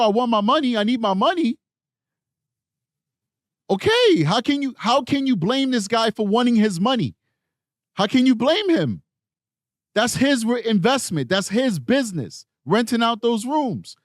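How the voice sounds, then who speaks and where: A man's voice: extremely high pitch, sing-song, normal speed, no echo, clean studio sound. A man hosting a true crime livestream, commenting emphatically and repeating his points while reading live chat. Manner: emphatic, repetitive, argumentative.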